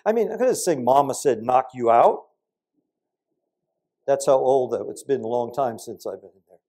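An older man preaching a sermon, telling stories in an animated way with sudden loud peaks and quiet asides. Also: medium pitch, moderate pace, long pauses.

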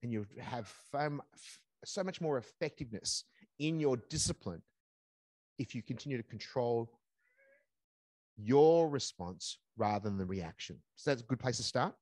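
A man's voice: medium pitch, expressive, normal speed, a little mellow, dry recording. A man presenting a live parenting seminar, emphatic and repeating his key phrases.

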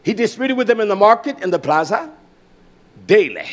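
A man preaching a sermon, emphatic, repeating key words, with frequent "uh" pauses and bursts of raised volume. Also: sits high, sing-song.

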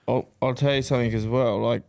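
A young man chats casually on a podcast. He tells long, rambling stories and breaks into laughter often. His voice sits at an ordinary middle pitch. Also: steady tone, fast talker, gravelly, darkish tone. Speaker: podcast co-host. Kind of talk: casual chat.

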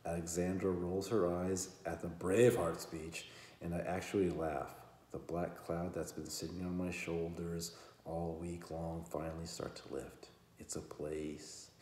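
A man's voice: low-pitched, a little mellow. A man hosting a podcast, reading a novel aloud and cutting in with profane jokes. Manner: profane, joking interruptions. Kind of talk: book reading with crude asides. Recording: roomy echo.

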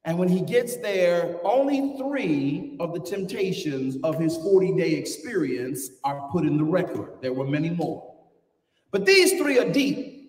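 Brief: male pastor, high voice, animated sermon delivery with shouted peaks, distant mic, reverberant hall. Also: unhurried. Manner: animated preaching, swinging from quiet asides to shouted climaxes. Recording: echoey church hall, mic from far off.

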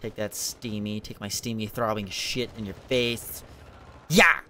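A young man gaming with a friend, loud and profane, flipping between raging at opponents and apologizing. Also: lowish voice, unhurried, slight background noise. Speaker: gamer streaming with a friend. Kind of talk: casual gaming banter.

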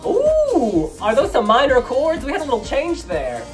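A man hosting a music reaction, chatting casually and gushing, with sudden squeals that trail off into slower musing. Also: very high voice, wildly swooping pitch, a bit bright. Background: faint music.

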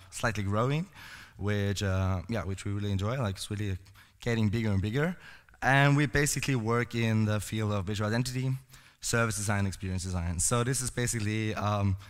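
Hoarse man speaking in a cinema hall. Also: on the low side, a bit bright. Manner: rambling, many fillers and restarts. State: hoarse from a cold. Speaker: conference speaker. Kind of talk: casual conference talk.

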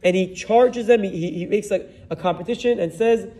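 A man's voice: high-pitched, brisk, warm tone, recorded from a distance. A man, a rabbi, retelling a Bible story in a sermon and weaving Hebrew terms and verses into his telling. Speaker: rabbi giving a Torah talk.

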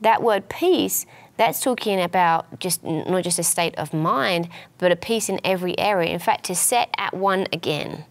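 A woman's voice: lowish voice, normal speed. A woman co-hosting a ministry program, explaining a Bible passage in an earnest conversational teaching style. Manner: earnest, explanatory, many small restarts. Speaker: minister and co-host.

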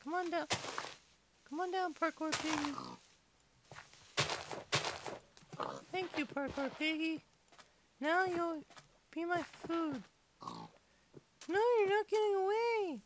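A performer voicing a squeaky little kid gamer who chatters and complains while playing. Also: a little slow, pauses often, noisy background. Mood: excitable. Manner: chatty, complains to itself, mumbles while sorting items. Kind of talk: game playthrough commentary in character.

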